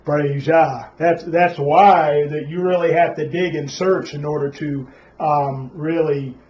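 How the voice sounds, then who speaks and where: A man's voice: a little high, steady tone, slow, highs cut off, a little hiss or hum. A man teaching a Sabbath Bible class in a preachy way, often saying "Praise Yah" and asking rhetorical questions.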